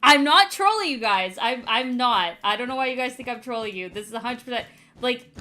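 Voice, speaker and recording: Young woman, Canadian accent, bright clear tone, casual teasing chatter, soft game music behind. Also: on the high side, animated, a little fast. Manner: chatty, laughs often, teasing. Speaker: streamer. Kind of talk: casual chat while playing.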